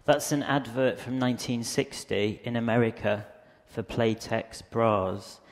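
A man's voice: medium pitch, unhurried. A man giving a casual, rambling lecture with slides, hesitating often with ums, speaking into a microphone in a museum lecture hall. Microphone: handheld or stand microphone.

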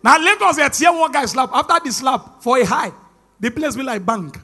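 A young man with a Nigerian accent tells stand-up stories to a church crowd. His voice sits very high and sounds bright and forceful. He switches into pidgin and shouts his punchlines. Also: brisk. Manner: animated storytelling, mixing pidgin, shouting punchlines. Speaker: stand-up comedian.

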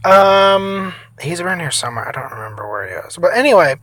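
A man's voice: sits high, very animated, a little fast. Tired young man ranting over his game. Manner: profane, rambling, swings between loud outbursts and mumbling asides. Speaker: gaming vlogger. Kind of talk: casual gameplay commentary.

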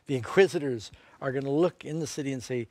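A man, a pastor co-hosting a Bible question-and-answer show, answering in a relaxed, halting way with many fillers. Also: mid-range voice, no echo. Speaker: pastor and co-host. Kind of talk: unscripted Bible Q&A.

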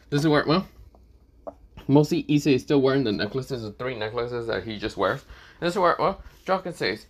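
A man telling a fan-made story in a loose, unscripted way, repeating stock phrases as he goes. His voice is at an ordinary middle pitch. The delivery rambles and circles back on itself. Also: moderate pace. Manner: rambling, full of fillers. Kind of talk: casual fan-fiction narration.

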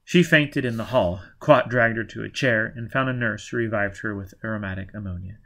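A man narrating an audiobook in a plain, steady reading manner. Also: lowish voice, a little fast, vocal fry. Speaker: audiobook reader.

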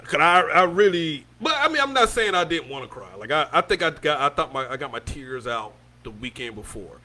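Animated, laughing young man telling stories. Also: on the high side, brisk. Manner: animated, laughing, profane storytelling. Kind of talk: casual storytelling chat.

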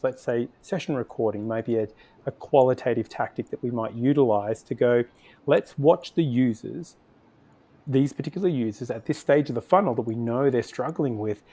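Male podcast guest, mellow warm tone, unscripted, plenty of restarts and fillers. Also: medium pitch. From Australia. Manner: thinks aloud with frequent restarts and fillers. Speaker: podcast guest, conversion optimization agency founder. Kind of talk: conversational interview answers.

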